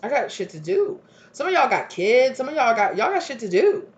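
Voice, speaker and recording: A woman's voice: a little high, very animated, brisk. Woman doing a chill tarot reading, talks a lot with her hands in her voice, kinda dull lo-fi audio. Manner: chatty, emphatic, lots of fillers and laughs. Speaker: tarot reader.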